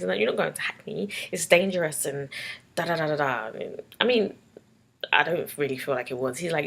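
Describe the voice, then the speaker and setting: A woman's voice: deep voice, a little fast. A young woman with a London accent, telling personal memories in a casual vlog, tearful and laughing by turns. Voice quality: husky and gravelly. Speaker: vlogger. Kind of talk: emotional personal storytelling.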